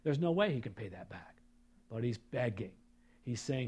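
A man preaching a sermon, reading scripture aloud and breaking off for asides to the congregation, swinging from loud, emphatic reading to low, quiet remarks. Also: very animated, normal speed, slightly rough. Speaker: pastor.

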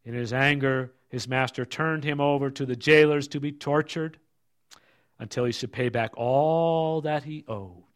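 Middle-aged man preaching, dropping to soft asides. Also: mid-range voice, fairly even intonation, measured pace. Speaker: pastor. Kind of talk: sermon with scripture reading.

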